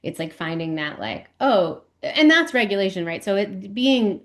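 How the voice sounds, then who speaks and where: A woman's voice: medium pitch, sing-song, moderate pace. A woman, a perinatal mental health specialist, explaining ideas at length as a podcast guest, thoughtful and peppered with fillers. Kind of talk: explanatory interview talk.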